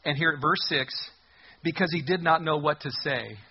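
A man's voice: fairly high pitch, moderate pace, highs cut off. A man preaching a sermon in a conversational, humorous way, reading scripture aloud. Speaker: pastor.

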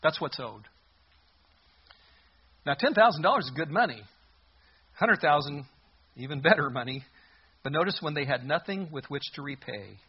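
A man preaching a sermon as a pastor, expressive and full of rhetorical questions, on a muffled lo-fi recording. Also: fairly high pitch, normal speed, pauses often, husky.

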